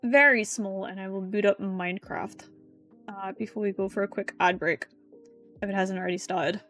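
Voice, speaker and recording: A woman's voice: medium pitch, fairly even intonation, normal speed, fairly bright tone, soft background music. A woman streamer chatting casually and playfully teasing her chat during a live stream. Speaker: VTuber streamer.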